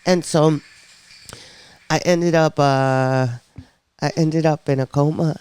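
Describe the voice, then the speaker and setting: A woman on a podcast telling her own story in a casual, lively way, acting out the voices of people she quotes. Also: sits low, takes it slowly, clear, resonant tone.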